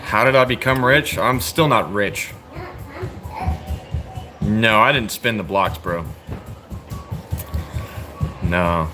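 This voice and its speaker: A man's voice: fairly low pitch, takes it slowly, long pauses, music in the background. An American man in his thirties, chatting casually with a livestream chat in a blunt, joking, profane way full of slang. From United States. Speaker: livestream host answering chat.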